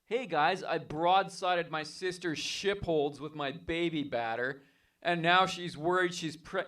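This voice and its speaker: A man's voice: sits high, clear, resonant tone. A man hosting a call-in radio show, moving the callers along in casual chat. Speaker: radio show host taking calls.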